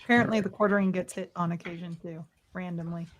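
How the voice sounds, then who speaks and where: A woman's voice: on the low side, fairly even intonation, fast. A woman co-hosting a livestream, chatting in an amused, gossipy way. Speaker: livestream co-host. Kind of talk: casual live commentary.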